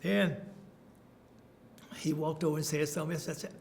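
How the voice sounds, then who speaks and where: A man's voice: a little high, fairly even intonation, normal speed, gravelly, slight background noise. Older man telling stories. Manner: storytelling, chuckling, many fillers and restarts. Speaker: interviewee. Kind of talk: oral history interview.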